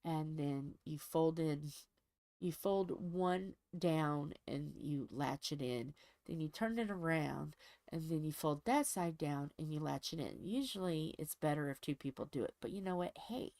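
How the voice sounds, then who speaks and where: A woman's voice: low-pitched, expressive, unhurried, a little mellow, dry recording. A woman hosting a diamond painting channel, chatting casually while she crafts and telling a rambling, folksy story from home.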